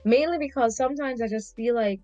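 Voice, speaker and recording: Lively woman, dull audio. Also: a little high, a little fast, no room sound, faint music behind. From Jamaica. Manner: animated storyteller, acts out funny quotes. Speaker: guest, language teacher. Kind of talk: casual interview chat.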